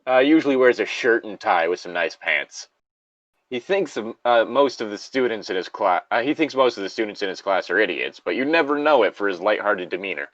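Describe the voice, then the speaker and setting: A man's voice: on the low side, animated, a little fast, fairly bright tone, dry recording, muffled recording. A man reading a story aloud and trading crude jokes, laughing often. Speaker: story reader and co-host. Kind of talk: casual banter and story reading.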